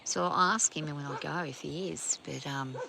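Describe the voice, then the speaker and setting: A woman's voice: low-pitched, moderate pace, creaky. A woman on a farm, casually telling rambling stories and talking to her horses. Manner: rambling anecdotes, chatting to the animals. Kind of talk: casual chatty storytelling. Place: outdoors on a farm. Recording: outdoor recording with background noise.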